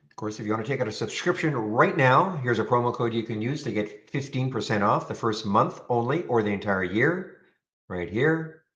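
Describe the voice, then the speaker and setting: Slightly dull lo-fi audio captures a man commentating casually in his live day-trading room. He thinks aloud and keeps restarting sentences, in a medium-pitched voice that's a bit bright.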